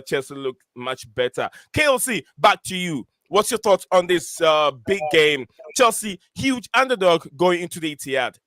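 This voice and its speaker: A man hosting a live football review show, excitable and fond of shout-outs and repeating names. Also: fairly high pitch, dry recording, clean studio sound. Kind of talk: live fan call-in chat.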